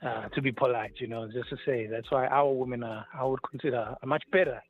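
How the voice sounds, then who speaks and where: South African caller on a tinny phone. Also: male voice, mid-range voice, fairly even intonation, a little hiss or hum. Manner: laughing, quick to protest, keeps saying sir.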